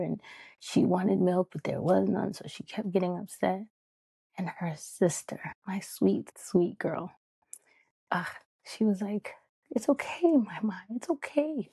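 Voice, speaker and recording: A woman's voice: fairly low pitch, creaky, dark tone, slightly rough, no echo. A woman hosting a podcast, talking in a candid, heartfelt, rambling way with lots of fillers. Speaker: podcast host. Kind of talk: casual podcast monologue.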